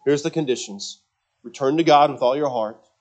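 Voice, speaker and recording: A man's voice: mid-range voice, normal speed, a little mellow, highs cut off. A man preaching a sermon in a conversational way, restarting phrases and asking the congregation rhetorical questions. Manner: speculative, thinking aloud. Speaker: pastor.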